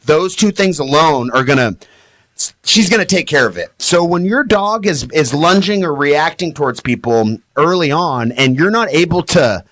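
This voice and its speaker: A man talking as a dog trainer guest on a studio podcast, animated and explaining with acted-out examples. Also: moderate pace, no echo. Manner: animated, acts out high excited voices when quoting owners. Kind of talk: podcast interview.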